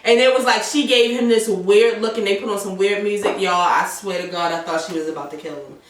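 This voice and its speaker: A woman's voice: medium pitch, steady tone, fairly quick, echoey room, recorded from a distance. A woman casually recapping a TV episode with a co-host. She swears freely and acts out the characters' lines. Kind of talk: casual profane chat.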